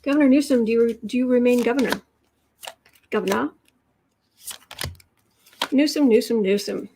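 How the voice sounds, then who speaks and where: A woman hosting a live tarot reading, musing aloud over the cards and answering chat in halting, drawn-out phrases. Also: fairly high pitch, background noise. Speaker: tarot reader and channel host.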